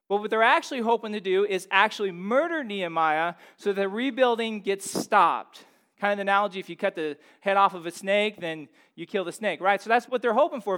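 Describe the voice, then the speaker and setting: A man in his thirties delivers a sermon in a high-pitched voice. He talks in an easygoing, conversational way, often checking in with the congregation through questions. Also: fairly bright tone. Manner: conversational, asks the room questions. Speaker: pastor.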